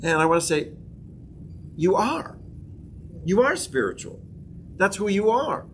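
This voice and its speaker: A middle-aged male pastor leads a church class in a slightly high voice, swinging up into emphatic proclamations. He has the room repeat affirmations after him. A faint room hum sits behind him. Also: very animated, a little slow. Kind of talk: sermon class teaching.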